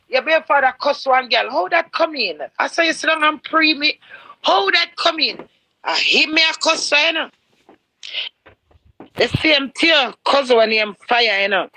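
A Jamaican woman ranting heatedly on a live stream, swearing and swinging from low mutters to shouts. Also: animated, normal speed, dry recording, low-quality recording.

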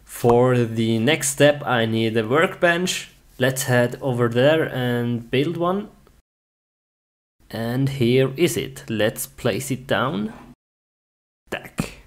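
A man's voice: medium pitch, lively intonation, extremely slow. A man in a comedic skit casually narrating his actions as a game player, with frequent giggles.

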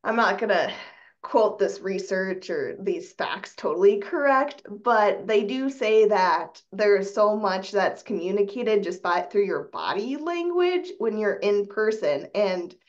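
A woman's voice: mid-range voice, lively intonation, measured pace, lo-fi sound. A younger woman moderating a panel discussion in a chatty, conversational way. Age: young adult.

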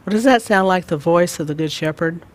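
A man leading a church Bible study, talking gently and rambling with many fillers. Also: high voice, fairly quick. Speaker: church teacher.

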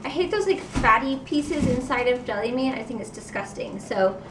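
A young woman talks through her groceries in a bright, chatty, upbeat way. Her voice sits high. She is picked up from a distance in a roomy kitchen with steady background noise. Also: normal speed. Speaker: vlogger. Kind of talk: casual chat. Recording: roomy, distant camera mic.

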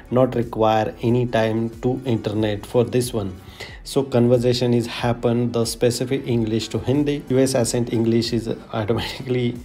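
Mellow-voiced man demoing an app. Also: medium pitch. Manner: halting non-native English, repeats "look at this". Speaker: tech tutorial host. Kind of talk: casual screen-recorded app demonstration.

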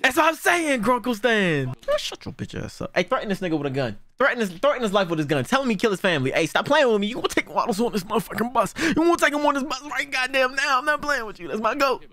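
Male reaction host, casual, excitable and profane, very lively pitch. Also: quick pace, hardly any pauses. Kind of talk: casual cartoon reaction commentary.

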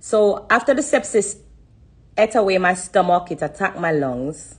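A woman with a Jamaican accent giving an emotional live-stream testimony, halting and repeating herself as she holds back tears. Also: on the low side, animated, slightly rough. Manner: halting and repetitive, pausing to hold back tears. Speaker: livestreamer sharing a testimony.

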